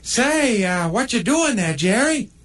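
A man's voice: very high-pitched, very animated, a bit bright, a little hiss or hum, voice pushed up, exaggerated voice. A man voicing a brash, mocking little male pug dog in a comedy sketch. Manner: taunting, quick and teasing.

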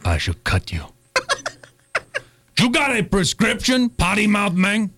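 A swaggering gangster pharmacist. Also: male voice, high voice, big pitch swings, measured pace, a bit bright, full character voice. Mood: menacing. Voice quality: thick put-on gangster accent, broken grammar. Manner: threatening, laughing at his own jokes. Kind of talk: comedy radio sketch.

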